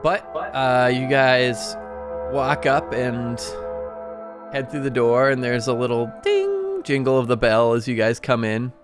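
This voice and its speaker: A man's voice: medium pitch, sing-song, a little slow. A man narrating as game master on a stream, casual and rambling with fillers. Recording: music playing behind.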